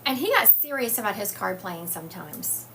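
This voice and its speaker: A woman's voice: medium pitch, lively intonation, moderate pace, background noise. A woman hosting a psychic livestream, chatting casually and reading viewer comments aloud with frequent fillers. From US South. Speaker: psychic medium livestream host. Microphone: phone or webcam livestream.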